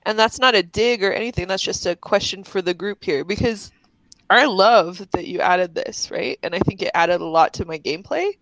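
A woman on a podcast, talking as a player in the game, thinking out loud in a casual discussion and laughing easily. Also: medium pitch, normal speed, dry recording, rough recording.

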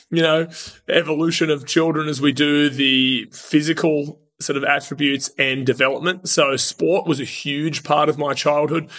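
A man's voice: medium pitch, fairly bright tone. A man from Sydney with an Australian accent, a podcast guest chatting and laughing easily as he tells stories. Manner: chatty, laughs often, says "look" and "mate". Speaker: podcast guest, gym founder. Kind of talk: casual interview storytelling.

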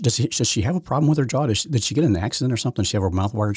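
A man's voice: medium pitch, very fast, hardly any pauses, a little mellow, husky, dry recording, clean studio sound. A man hosting his own podcast, giving rambling, opinionated solo commentary full of restarts and repeated words. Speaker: podcast host.

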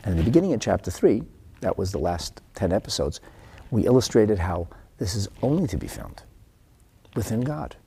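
A man teaching a husky voice that swings widely in pitch, rising high when stressing a point and sinking to a hushed whisper. He mixes in in style, sounding like a spirited study-hall lecture. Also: normal speed. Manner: animated, drops to whispers for emphasis. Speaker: Torah teacher. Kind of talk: lecture on a religious text.

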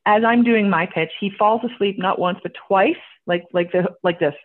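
A woman guest telling a story in casual chat, animated, acting out what people said and swearing casually. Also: medium pitch, moderate pace. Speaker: guest entrepreneur. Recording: tinny phone-like line.

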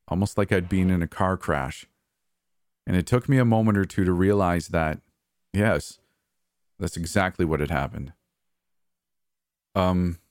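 A man's voice: low-pitched, dry recording, clean studio sound. A man narrating a first-person horror story in an anxious, hesitant manner.

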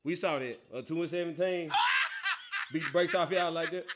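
A man's voice: a little high, moderate pace, very noisy. A man hosting a casual sports talk show, laughing often and teasing. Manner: laughs a lot, animated and teasing.

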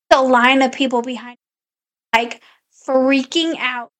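A woman's voice: sits high, moderate pace, fairly bright tone. A woman podcast co-host in casual chat, animatedly telling a story and acting out her own quotes.

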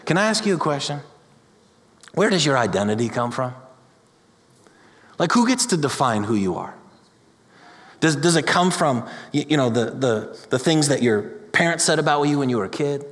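A pastor preaching a sermon with passion, building his voice up to loud peaks. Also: a little high, animated, normal speed, pauses often. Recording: large hall with long reverb.

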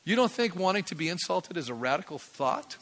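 A man's voice: high-pitched, very animated, fairly quick, fairly bright tone. A man in his sixties, a pastor giving a conversational sermon and asking the congregation rhetorical questions. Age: 60s.

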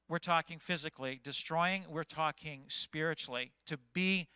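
Impassioned bright-voiced pastor in his fifties. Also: fairly high pitch, moderate pace, clean tone, dry recording. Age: 50s. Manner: impassioned, agitated preaching. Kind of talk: sermon.

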